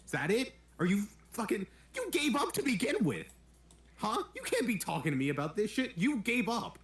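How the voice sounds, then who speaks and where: A man's voice: mid-range voice, very animated, moderate pace, close to an everyday voice. A man playing a brash, defensive young male ranger who works alone, answering back with sarcasm and swearing in tabletop role-play. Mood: angry. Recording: roomy echo.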